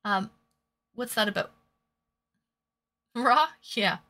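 Bright-voiced woman streamer chatting. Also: fairly high pitch, lively intonation, slow. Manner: chatty, reads and answers viewer chat aloud. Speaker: live-stream host. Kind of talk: casual live-stream chat.

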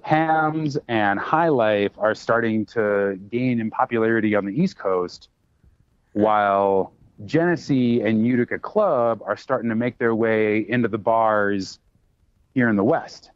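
A man's voice: lowish voice, measured pace, dry recording. A man who works as a bartender, a guest on a podcast, talking casually and rambling with plenty of fillers and restarts. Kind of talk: casual chat. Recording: dry, slightly dull sound.

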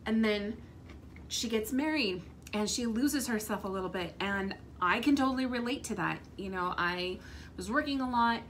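A woman's voice: mid-range voice, moderate pace, a bit bright, slight background noise. A woman in her thirties co-hosting a casual chat, talking in a chatty, earnest and cheerful way. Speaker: co-host.

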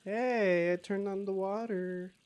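Excitable young man cursing over gameplay. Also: sits high, slow pace, clean tone. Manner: excitable, curses, talks back to game characters, yells in bursts. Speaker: gaming YouTuber. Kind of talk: casual let's-play commentary.

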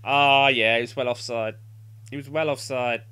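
A man's voice: medium pitch, steady tone, a little slow, sharp tone, clear, resonant tone. A young man playing a football video game live, urging his team on and swearing in frustration. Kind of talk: live gameplay commentary.

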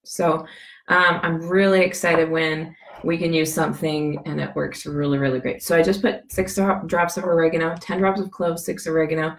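Gravelly woman with a scratchy voice. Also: deep voice, little pitch movement, moderate pace, roomy sound. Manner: rambling, chatty, with many fillers and restarts. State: scratchy voice from a cough. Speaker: essential oil demonstrator. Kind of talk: casual how-to demonstration.

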